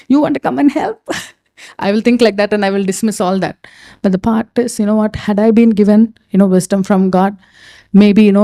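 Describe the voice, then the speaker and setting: A woman's voice: mid-range voice, mellow. A middle-aged woman, a pastor's wife, talking casually to a group of women. She keeps asking "right?" and saying "you know what".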